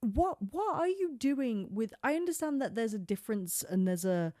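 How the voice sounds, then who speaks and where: A young adult woman hosting a casual solo podcast, chatty and animated, peppering her talk with "like". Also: fairly high pitch, dry recording, clean studio sound. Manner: chatty and animated, heavy use of filler "like", quick asides and laughs. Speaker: podcast host. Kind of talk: casual solo podcast chat about reality TV.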